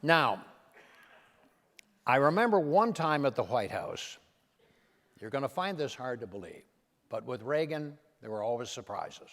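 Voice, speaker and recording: An older man, a comedian and impressionist, telling anecdotes to a live audience in a punchy, animated way. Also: medium pitch, a little slow, pauses often. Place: large event hall. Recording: long hall reverb.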